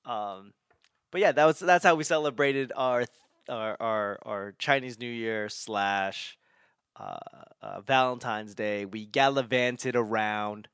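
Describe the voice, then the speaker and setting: A man's voice: medium pitch, slow pace, a bit bright, clean tone, no room sound. Rambling man telling a story, dry sound. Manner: rambling, laughing, with frequent swearing and restarts. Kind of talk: casual storytelling.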